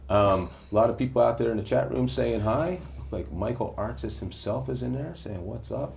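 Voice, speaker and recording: A man's voice: lowish voice, lively intonation, normal speed, creaky, darkish tone, slight background noise. A man hosting a comedy show, joking in a laid-back, casual way. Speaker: podcast host.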